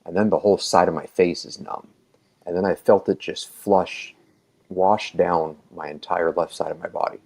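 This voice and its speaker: Deep-voiced man telling a rambling story. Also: fairly even intonation, normal speed, a little mellow. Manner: rambling, filler-heavy, acts out quoted dialogue. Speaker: EMT telling his story. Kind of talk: casual storytelling on a podcast.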